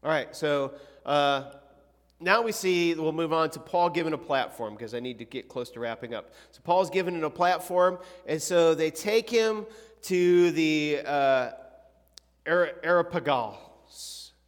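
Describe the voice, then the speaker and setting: A slightly higher-voiced man leads a youth Sunday school class in a relaxed, conversational way. He often clears his throat and puts questions to the students. His voice rings with the long reverb of a church hall. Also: measured pace. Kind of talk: casual Bible class teaching.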